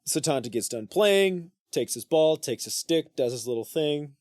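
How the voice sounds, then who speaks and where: A man's voice: a little high, animated, normal speed, a little mellow, no room sound, studio quality. A man co-hosting a book podcast, casually retelling a myth in a rambling, profane way with plenty of fillers. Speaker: podcast host. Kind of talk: casual storytelling.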